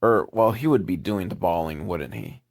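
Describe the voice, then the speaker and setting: A man's voice: sits low, normal speed, a little mellow. A man giving a casual, rambling and sardonic movie recap, swearing freely and second-guessing himself. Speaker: movie reviewer.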